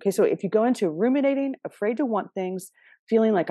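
A woman with a warm, medium-pitched voice talks through a casual astrology reading at normal speed. Chatty and straightforward, she laughs frequently and checks in with listeners with repeated "okay?"s. The sound is clean studio audio without echo.

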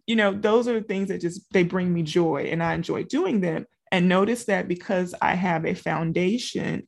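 This woman's gravelly voice sits at a medium pitch. She's a middle-aged business coach from a small Louisiana town, delivering an easygoing pep talk directly to her audience, full of chatty side comments.

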